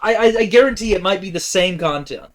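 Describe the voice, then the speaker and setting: A young man hosting a casual podcast, sarcastic and crude, with a deadpan delivery. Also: sits high, quick pace, noisy background. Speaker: podcast host. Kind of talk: casual joking chat.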